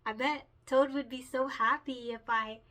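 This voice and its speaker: A woman voicing a kind, thoughtful male frog from a storybook, in a gentle, sweetly earnest way. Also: high-pitched, steady tone, unhurried. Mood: tender.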